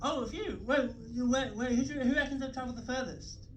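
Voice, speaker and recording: On a comedy club stage, a young Liverpudlian man delivers chatty crowd work full of swearing and jokes at his own expense. His pitch is extremely high and his pace a little fast. Captured from afar on the club mic, the recording has a slight hiss or hum under the audience's laughter.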